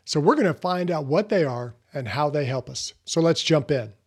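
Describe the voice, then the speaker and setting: A man's voice: a little high, animated, normal speed, slightly rough. A man hosting a motivational podcast, talking earnestly in a conversational way. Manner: earnest, conversational, with fillers and restarts. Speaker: podcast host.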